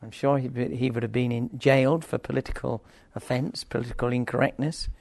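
An older man teaching a Bible passage informally, rambling with wry asides and reading the scripture aloud forcefully. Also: medium pitch, flat delivery, brisk, gravelly, hardly any pauses, no room sound.

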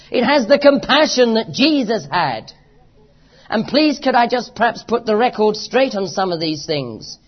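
A preacher with a British accent delivering an impassioned, emphatic sermon full of repeated phrases. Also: mid-range voice. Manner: impassioned, emphatic, repetitive rhetoric. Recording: dull lo-fi recording.

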